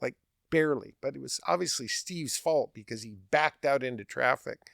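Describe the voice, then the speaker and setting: Animated man telling a funny story. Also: medium pitch, creaky, no room sound, clean studio sound. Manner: animated, laughing, quick restarts. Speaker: podcast host. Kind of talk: casual storytelling.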